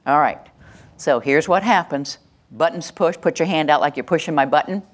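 Low-voiced woman presenting a workshop. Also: moderate pace. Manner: animated, acts out little scenes and laughs along. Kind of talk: live teaching talk to an audience.

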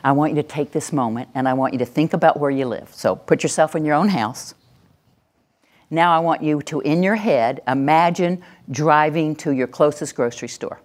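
A woman teaching a workshop to an audience, animated and acting out example voices. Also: low-pitched, normal speed. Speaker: teacher trainer.

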